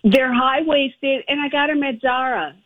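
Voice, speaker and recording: A woman's voice: high-pitched, unhurried, dry recording. A woman guest calling into a radio show, bubbly and candid, sometimes searching for words. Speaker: guest trend correspondent. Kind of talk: radio phone interview. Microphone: phone line. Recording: tinny phone line.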